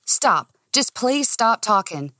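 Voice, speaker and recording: A woman reading the part of a drunk, heartbroken young Southern woman who lashes out in a shrill voice. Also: lively intonation, unhurried, a bit bright, dry recording, clean studio sound. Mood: upset. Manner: shrill, lashing out.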